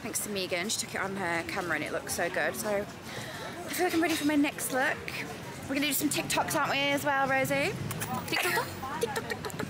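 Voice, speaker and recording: Loud music plays as a bubbly thirty-something vlogger from England talks fast in a high voice to the phone she holds at arm's length. She chats casually and laughs a lot mid-sentence.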